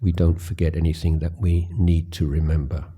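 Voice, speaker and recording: A man in his later years leading a guided meditation, speaking slowly and haltingly with pauses and fillers. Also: sits low, little pitch movement, dark tone, husky. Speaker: meditation teacher. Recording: recorded at a retreat.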